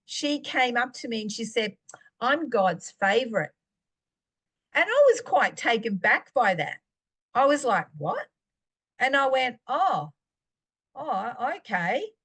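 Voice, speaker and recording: A woman preaching in a fairly high voice. She tells stories from her own life and acts out the lines she and others said. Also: a bit bright. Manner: storytelling, acting out her own dialogue. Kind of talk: personal teaching talk.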